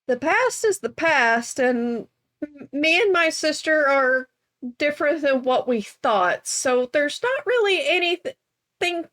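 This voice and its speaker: Woman player, higher voice, slow, gentle in-character comfort. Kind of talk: playing a tabletop game.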